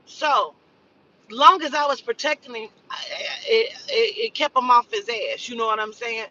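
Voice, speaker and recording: A woman in her forties, a spiritual advisor, telling a story in casual, profane, animated talk and acting out the voices of others. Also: a little high, normal speed, distant mic, highs cut off.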